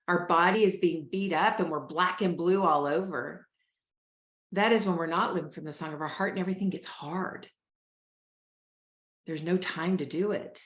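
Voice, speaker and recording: A woman's voice: fairly low pitch, a bit bright. A woman, hosting a motivational talk and coaching listeners on stress in an earnest, encouraging way. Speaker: show host and wellness coach. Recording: roomy echo.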